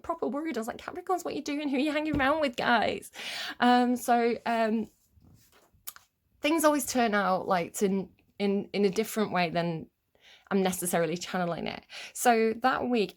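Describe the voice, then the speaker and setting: A young woman talks to camera in a loose, rambling way, full of fillers and asides. She sounds like a tarot reader chatting with her viewers, and she slips into swearing when something annoys her. Her voice sits at an ordinary middle pitch for a woman. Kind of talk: casual chat to camera.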